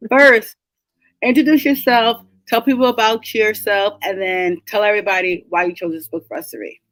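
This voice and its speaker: A woman's voice: medium pitch, steady tone, normal speed, fairly bright tone, dry recording. A woman hosting an online book club in a casual, chatty way, laughing often and a little congested from a cold. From New England. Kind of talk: casual chat.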